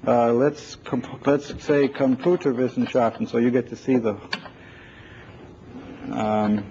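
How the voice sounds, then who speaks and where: Male lecturer, mellow tone, informal and thinking aloud, lo-fi archival lecture tape with faint hiss. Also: mid-range voice, level tone, takes it slowly. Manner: informal, thinks aloud, takes audience questions. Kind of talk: live technical lecture with on-screen demo. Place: lecture room with audience. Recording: dull lo-fi 1980s lecture tape.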